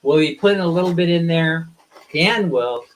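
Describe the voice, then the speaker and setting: A slightly high, expressive male voice at normal speed comes through a rough recording with a little hiss or hum. He's a live streamer co-hosting a couple's channel, casually ranting bluntly at viewers before teasing them.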